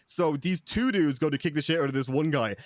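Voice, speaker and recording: A man's voice: a little high, brisk, dry recording, studio quality. A man with an Irish accent telling stories in casual podcast chat, blunt and swearing. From Ireland. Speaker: podcast co-host.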